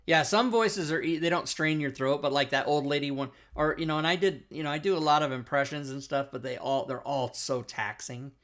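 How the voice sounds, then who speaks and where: A man's voice: on the high side, fairly quick, hardly any pauses, a bit bright. A man hosting a talk show, chatting casually and animatedly, swearing now and then. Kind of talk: casual chat.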